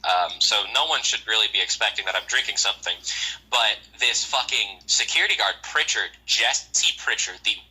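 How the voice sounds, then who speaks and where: A young man chats casually, with a husky, edgy voice that sits a little low. He tells long, rambling stories thick with swearing and filler words. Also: animated, normal speed, sharp tone, rough recording. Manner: rambling, profane storytelling with many fillers. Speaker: storyteller on a call show. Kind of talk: casual chat.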